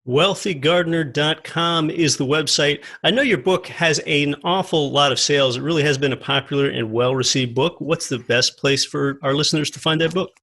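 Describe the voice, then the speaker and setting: A man's voice: fairly high pitch, moderate pace, few pauses, fairly bright tone. A man hosting a podcast, interviewing a guest and then talking to listeners in an earnest, recommending way. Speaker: podcast host.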